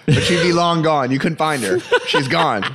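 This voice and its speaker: A man's voice: a little high, normal speed, noisy background. A young adult man, a comedian guest, telling stories in a casual, rambling way full of fillers. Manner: rambling, lots of "like" and "you know". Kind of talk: casual storytelling.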